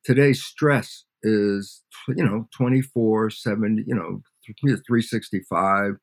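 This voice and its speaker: A man's voice: on the low side, slow, vocal fry. An older man, a scientist guest in an interview, explains by acting out both sides of imagined conversations. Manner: acts out both sides of imagined dialogues, animated. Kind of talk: storytelling lecture in an interview.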